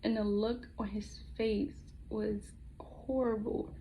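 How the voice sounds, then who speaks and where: A woman telling a personal story in a vlog, halting and emotional, with many restarts, her voice often dropping to a hush. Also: medium pitch, little pitch movement, slight background noise, rough recording. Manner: halting, with frequent restarts and pauses; soft and hushed, dropping at times to a whisper. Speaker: vlogger.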